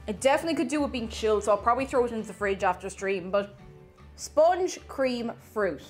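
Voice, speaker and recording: A chatty woman hosting a live stream, her fairly high voice swinging up and down as she talks. She reads her viewers' messages aloud and breaks into bright exclamations. Soft music plays faintly behind her. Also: animated, brisk. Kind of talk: casual live-stream chat while tasting food.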